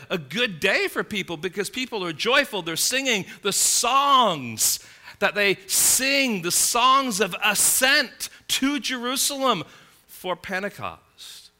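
A male preacher with a very bright, ringing voice set a little high. He delivers his sermon dramatically, swinging between loud cries and quiet, low stretches, and keeps asking his listeners questions.

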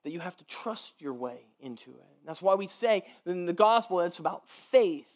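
High-voiced man preaching casually. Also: animated, normal speed. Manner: conversational, with many "like" and "right?". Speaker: pastor. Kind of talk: sermon.

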